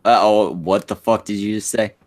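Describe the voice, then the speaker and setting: A man's voice: on the low side, steady tone, moderate pace. A man with a Quebec French Canadian accent hosting a stream, rambling through crude, casual banter full of fillers and restarts. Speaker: stream host.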